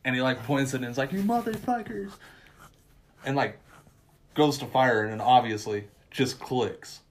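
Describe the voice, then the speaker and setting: Excited man recapping a movie with swearing. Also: mid-range voice. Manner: excited, profane storytelling with quick acted-out quotes. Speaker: podcast co-host. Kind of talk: casual movie recap chat.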